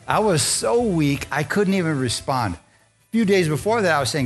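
A man's voice: fairly high pitch, very animated, moderate pace, faint music behind. An older man preaching a fervent sermon and leading his congregation in call-and-response and prayer. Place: church service.

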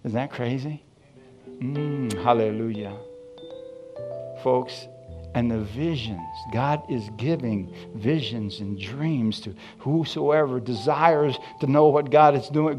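Male preacher, animated storyteller, mid-pitched voice, faint music underneath. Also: measured pace, muffled recording. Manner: animated storytelling, acting out dialogue. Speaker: pastor. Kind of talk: sermon.

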